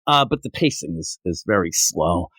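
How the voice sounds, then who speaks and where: A man co-hosting a comic book podcast in casual review chat, animated and prone to acting out dialogue. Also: low-pitched, normal speed, breathy edge, dry recording. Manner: animated, acts out dialogue with loud outbursts. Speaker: podcast co-host.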